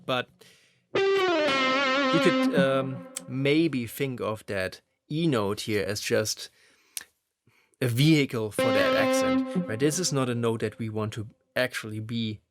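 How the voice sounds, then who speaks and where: A man teaching lead guitar phrasing, explaining in a relaxed, conversational way. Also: medium pitch, takes it slowly. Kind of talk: instructional explanation. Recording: loud guitar playing behind voice. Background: electric guitar playing.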